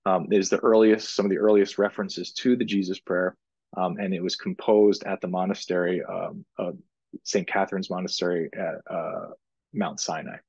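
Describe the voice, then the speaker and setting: Husky deep-voiced man lecturing haltingly. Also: steady tone, a little mellow, dry recording. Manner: halting, many ums and restarts. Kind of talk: slide lecture. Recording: dull lo-fi sound, dry.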